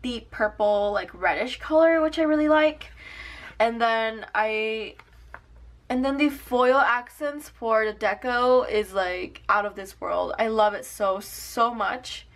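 A woman's voice: a little high, unhurried. A young woman showing off her planner stickers in a casual vlog, gushing and upbeat with lots of "um" and "like". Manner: gushing, upbeat, many fillers like "um" and "like". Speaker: planner sticker shop owner. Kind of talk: casual product showcase vlog.

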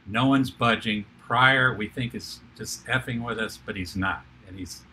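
Older man, bright lively storyteller. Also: mid-range voice, unhurried, slight background noise. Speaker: author and TV producer, guest. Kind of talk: animated anecdotal storytelling.

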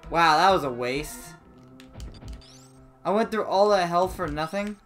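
Excitable man commentating a game. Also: a little slow. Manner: excitable, jumps into high squeaky exclamations; comically dramatic complaining. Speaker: let's play gamer. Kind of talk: let's play commentary. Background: faint game music.

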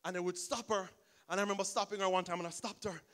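A man preaching a sermon as pastor, telling a story in an animated way and acting out the people in it. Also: high voice, quick pace.

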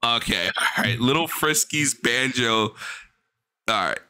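Bright, crisp-voiced man mocking a clip. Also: mid-range voice, lively intonation, slow. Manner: profane, mocking, laughs often. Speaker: reaction streamer. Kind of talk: casual reaction commentary.

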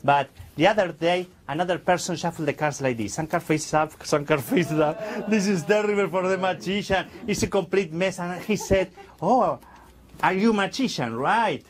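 A man's voice: high voice, normal speed, hardly any pauses. A man performing as a stage magician, chatting playfully with the audience in slightly broken English.

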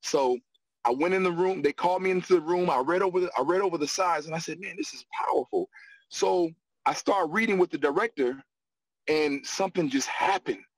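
A man's voice: on the high side, a little fast, dry recording, low-quality recording. A middle-aged man telling a personal story with energy, repeating words as he gathers his thoughts. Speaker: guest on a discussion panel.

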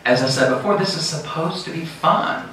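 A middle-aged man preaches with a bright, forward voice, lively and quick to laugh. He sounds set back from the mic in a very echoey church hall, with a faint hiss beneath. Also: fairly high pitch, far from the mic. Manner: lively, laughing often, acts out sheep calls. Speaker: guest speaker. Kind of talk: sermon. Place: large church sanctuary.

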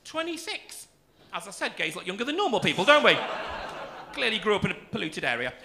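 Man, forties, stand-up comic, camp and cheeky, high lively voice, noisy club with audience. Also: fairly quick, gravelly. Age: 40s. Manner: camp, cheeky crowd work with swearing. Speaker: stand-up comedian. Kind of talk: stand-up comedy set. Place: comedy club stage. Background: audience laughter.

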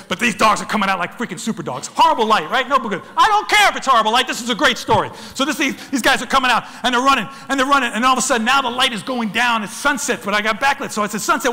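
A middle-aged man giving an animated, excitable storytelling talk about wildlife photography, acting out the animals in funny voices. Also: sits high, creaky. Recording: long reverb of a lecture hall.

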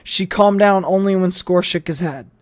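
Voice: mid-range voice, moderate pace, a little mellow, no room sound. An audiobook reader narrating a novel with casual asides and small restarts. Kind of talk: storybook narration.

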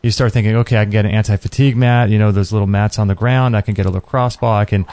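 Low-voiced man hosting, dry sound. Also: steady tone, rapid-fire, a little mellow, dry recording. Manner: easygoing, agreeable backchannel. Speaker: radio show host. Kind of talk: casual interview.

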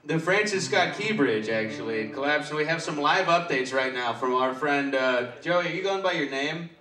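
A man's voice: a little high, animated, moderate pace. A man hosting a comedy show, talking in a loose, crude, laughing way. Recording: echoey room, far from mic, loud music.

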